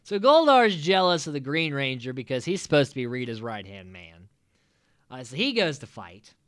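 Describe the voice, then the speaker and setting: A man recaps a show on his podcast in a loose, sarcastic ramble full of "like" and "uh". His voice swings widely in pitch and has a bright, forward edge. It sounds dry and close to the mic. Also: big pitch swings, normal speed, no room sound. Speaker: podcast host. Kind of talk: casual episode recap.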